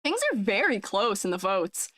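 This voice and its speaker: A young adult woman VTuber streamer with a high, youthful-sounding voice, chatting with viewers in a bubbly, giggly way. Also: sing-song, normal speed, fairly bright tone, no room sound, studio quality. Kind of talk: casual live-stream chat.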